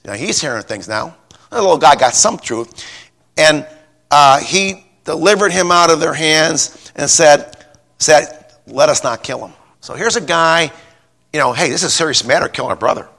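A middle-aged man preaching a folksy sermon, telling a personal story in a rambling way, repeating words and rising to a shout when stirred. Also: fairly high pitch, expressive, moderate pace, gravelly. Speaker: pastor.

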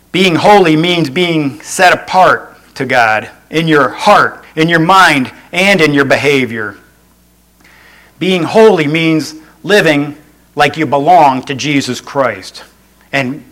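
A man's voice: a little high, a bit bright, low-quality recording. A male pastor preaching a sermon in an earnest way. He restates each point and adds folksy asides.

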